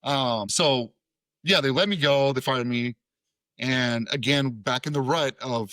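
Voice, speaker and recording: Bright-voiced man swearing through a story. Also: medium pitch, unhurried, no room sound. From Tennessee, USA. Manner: profane, acts out quoted dialogue. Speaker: podcast guest, Air Force veteran. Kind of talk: casual storytelling.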